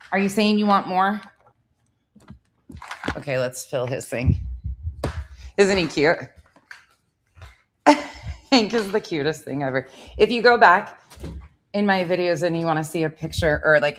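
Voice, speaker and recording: A woman's voice: deep voice, background noise. A woman filming a casual home vlog, talking to her dogs in cooing baby talk and swearing offhandedly. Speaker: vlogger. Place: home living room with dogs.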